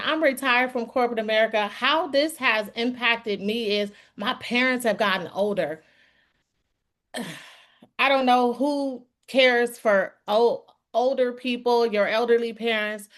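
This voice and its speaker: A middle-aged woman giving a heartfelt testimonial to a team call, addressing listeners as "y'all.". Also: a little high. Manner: earnest, calls listeners y'all.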